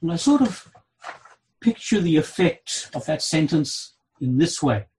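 A man preaching an expository sermon, reading scripture aloud with a dramatic delivery that swings between loud and soft. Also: lively intonation, poor audio. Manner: dramatic, slow delivery with wide swings in pitch and loudness.

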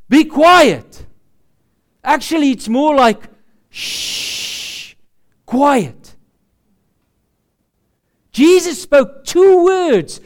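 A man preaching a sermon, slow and emphatic, often dropping to a hushed voice for effect. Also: very high voice. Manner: slow, emphatic preaching with dramatic drops to a hush.

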